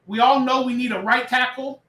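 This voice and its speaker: Man, livestream host, high voice, casual rambling chat, roomy echo. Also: steady tone, fairly quick, fairly bright tone. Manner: chatty, reads chat aloud, jokes and rambles. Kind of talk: casual live-stream chat.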